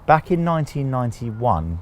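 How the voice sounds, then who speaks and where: A man's voice: mid-range voice, big pitch swings, moderate pace, slight background noise. A man co-hosting a casual chat, explaining things step by step with jokes along the way. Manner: chatty, jokey, explaining step by step. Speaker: co-host.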